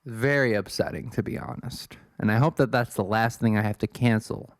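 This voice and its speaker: A man's voice: fairly low pitch, fairly even intonation, normal speed, no room sound. Young man, rambling podcast chat, self-deprecating, dry close sound. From Illinois, US. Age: 20s. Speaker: podcast host. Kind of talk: rambling solo podcast talk.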